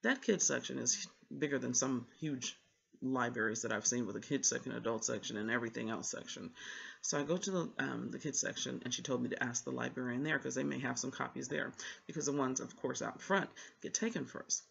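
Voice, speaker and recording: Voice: mid-range voice, a little fast, gravelly, a bit bright, slightly rough, dull audio. A book vlogger in a casual chat, telling a rambling story about a library trip and acting out what each person said. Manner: chatty, rambling storyteller who acts out what people said.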